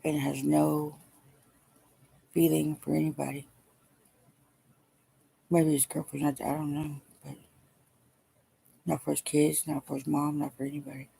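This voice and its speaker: A middle-aged woman speaking haltingly and wearily in a personal video diary, emotional as she talks. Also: deep voice, little pitch movement, creaky, warm tone, husky. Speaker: vlogger.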